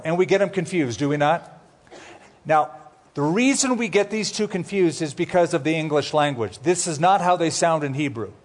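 A man teaching a Bible sermon as pastor, conversational with jokey asides, slowing down to spell out names. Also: fairly high pitch.

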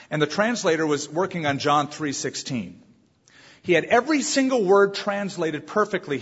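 A man preaching a sermon as pastor, animated, with acted asides. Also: medium pitch, husky. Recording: dull reverberant church recording.

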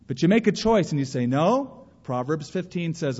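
A man's voice: on the high side, normal speed, few pauses, slightly rough. Man preaching in a reverberant hall. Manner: animated preaching with acted-out quotes. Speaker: pastor. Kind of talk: sermon. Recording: muffled recording in a reverberant hall.

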